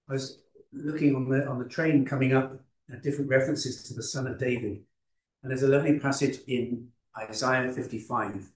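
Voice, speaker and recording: A man preaching a sermon, unhurried, with frequent restarts and fillers. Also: medium pitch, a little mellow, recorded from a distance. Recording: roomy hall, voice from off-mic.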